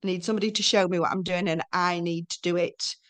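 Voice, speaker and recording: A middle-aged woman talking as a guest in a casual conversation, chatty and animated, telling stories and acting out what people said. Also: fairly low pitch, fast. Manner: chatty, animated storytelling with acted quotes.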